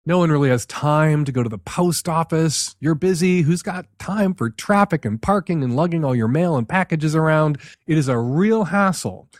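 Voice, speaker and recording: A man's voice: fairly high pitch, dry recording, clean studio sound. A man hosting an advice show, reading an ad and then questioning a caller in an emphatic, skeptical way. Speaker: host. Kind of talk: host read ad and advice commentary.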